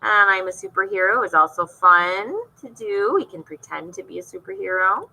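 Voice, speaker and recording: Bright-voiced woman teaching music. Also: medium pitch, animated, normal speed, creaky, rough recording. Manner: patient, explains step by step. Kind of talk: recorded lesson walkthrough for young students.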